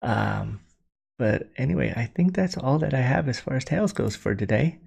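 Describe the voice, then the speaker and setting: A man's voice: medium pitch, animated, normal speed, darkish tone. A man telling a spooky story to camera in a casual, rambling, conversational way. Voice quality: gravelly.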